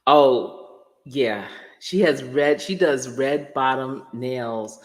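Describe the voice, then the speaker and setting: A woman's voice: extremely low pitch, very slow, darkish tone. A woman coach chatting casually on a live stream. She rambles, laughs often and answers her viewers directly.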